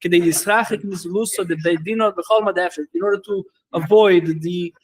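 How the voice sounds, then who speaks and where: A rabbi in his classroom works through a legal topic for his students, moving fast and stumbling through fillers and restarts. His voice sits a little high for a man. Hebrew and Yiddish terms run all through his English. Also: fairly even intonation, rough recording. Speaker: rabbi teaching a Torah class. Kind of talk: lecture.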